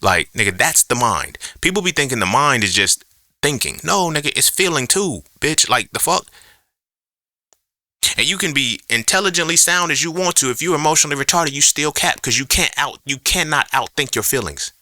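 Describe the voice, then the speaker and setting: A man's voice: a little high, lively intonation, normal speed, sharp tone, no room sound, studio quality. A man hosting a podcast alone, ranting in a profane, emphatic way and throwing out rhetorical questions in an unscripted monologue. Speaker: podcast host.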